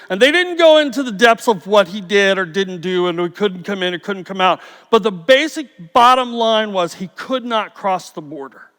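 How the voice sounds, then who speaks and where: A high-voiced middle-aged man delivers a conference talk with a lively, swooping delivery, full of jokes. His voice rings out through a large hall with a long reverb. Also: normal speed, hardly any pauses. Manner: storytelling, jokey, animated. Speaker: conference speaker.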